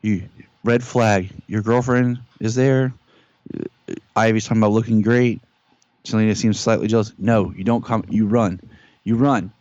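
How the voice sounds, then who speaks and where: A man's voice: fairly low pitch, steady tone, normal speed, darkish tone, no echo. A man co-hosting a podcast, chatting casually and joking, acting out quotes in a raised voice. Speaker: podcast co-host. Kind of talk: casual TV review chat. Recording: dull dry lo-fi audio.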